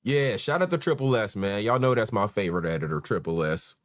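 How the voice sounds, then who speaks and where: A man's voice: on the low side, lively intonation, brisk. A man, hosting a casual live stream and greeting chat members one by one in a laid-back way. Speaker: host.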